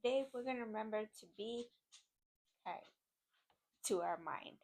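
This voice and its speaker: A woman's voice: a little high, normal speed, creaky, pauses often, darkish tone. A woman vlogger chatting casually and giddily to her viewers about her crochet projects, rambling from one thought to the next. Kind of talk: casual chat to camera. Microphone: desk microphone.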